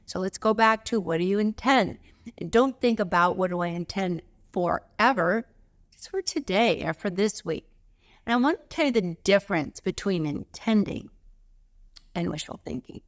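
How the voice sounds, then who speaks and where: Calm woman teaching chakra stuff, slow and emphatic, walks you thru breathing. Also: mid-range voice. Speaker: spiritual teacher. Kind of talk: guided spiritual teaching.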